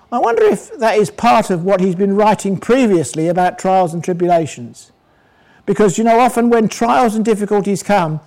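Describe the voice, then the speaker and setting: An older man from England preaches a sermon in a high voice. He talks to the congregation in a conversational way, puts questions to them, and slows down to dwell on scripture. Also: darkish tone, low-quality recording.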